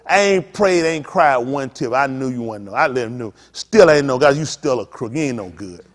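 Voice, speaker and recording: A middle-aged man preaching as a pastor, telling stories and swinging from low mutters to loud outbursts while acting out what others said. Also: lively intonation, moderate pace. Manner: quotes others in acted voices, repeats phrases. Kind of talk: preaching in a storytelling way.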